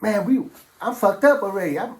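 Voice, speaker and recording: A man doing excited high inmate buddies. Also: fairly quick. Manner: excited, exclaiming street slang. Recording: roomy echo.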